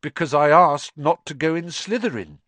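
A man's voice: fairly high pitch, normal speed, a bit bright, no room sound, voice pushed up. A man voicing an anxious, earnest young boy wizard who speaks up in a raised, pleading voice in a storybook reading.

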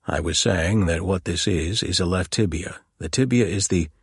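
A man's voice: low voice, normal speed, slightly rough, no room sound, studio quality, exaggerated voice. A man voicing an irritated, proud American anthropologist who answers in a clipped, defensive way.

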